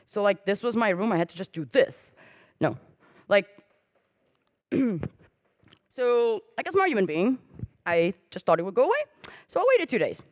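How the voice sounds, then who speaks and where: Woman, conference speaker, lively swooping pitch, chatty, self-mocking, filler-heavy. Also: a little slow, long pauses. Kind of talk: casual conference talk. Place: conference hall.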